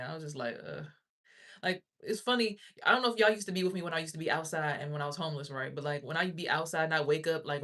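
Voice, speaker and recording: A woman's voice: low-pitched, a bit bright. A woman livestreaming, talking casually and at length to her viewers, rambling and swearing freely. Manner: rambling, profane, talks straight to viewers.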